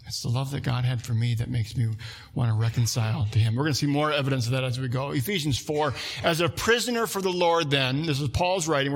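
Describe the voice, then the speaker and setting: A man preaching a sermon as pastor, talking in a conversational way and often putting questions to his listeners. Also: medium pitch. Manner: conversational, asks the congregation questions.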